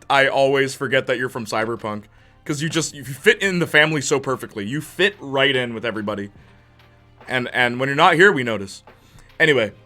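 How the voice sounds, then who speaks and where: A man chatting excitedly and rambling about games on a live stream. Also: medium pitch. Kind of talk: casual chat on a live stream.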